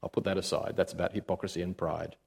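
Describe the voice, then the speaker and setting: Male pastor, sermon, expressive, stop-start phrasing, big reverberant hall. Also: sits low, fast talker, creaky, breathy edge. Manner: expressive, with sudden swings between loud and quiet; often hesitates with "uh" and restarts.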